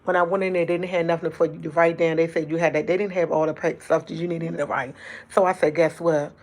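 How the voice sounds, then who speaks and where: Fast, rambling woman with a lowish voice. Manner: fast, rambling talk that jumps around; chatty and animated when retelling events. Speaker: livestream host. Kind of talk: casual storytelling to a live audience.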